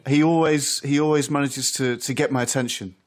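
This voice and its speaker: A man's voice: mid-range voice, fairly even intonation, a little fast. A man speaking as a guest pundit on a radio football show, thoughtful and hesitant with many restarts. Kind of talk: radio discussion.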